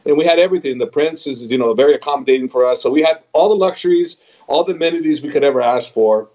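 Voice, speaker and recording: A middle-aged man, an MMA trainer, telling a story on a podcast over a video call, animated and quoting his own reactions. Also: a little high, fast. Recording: slightly dull video call audio.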